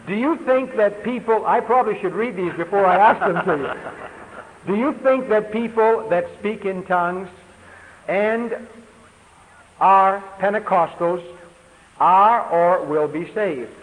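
Slow, high-voiced man reading questions. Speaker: moderator reading audience questions. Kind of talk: reading written questions aloud. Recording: reverberant hall, faint hiss.

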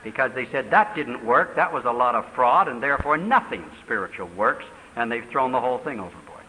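An older man preaching in a question-and-answer session at a church, talking quickly with fervent emphasis. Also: mid-range voice, expressive, bright, forceful tone. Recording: reverberant hall, faint hiss.

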